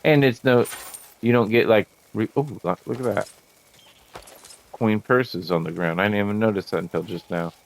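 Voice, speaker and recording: Man, very low voice, laid-back game commentary, swears a lot, laughs easily. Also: normal speed, vocal fry. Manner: profane, laughing, excitable. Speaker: gamer showing a game. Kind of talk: casual gameplay commentary.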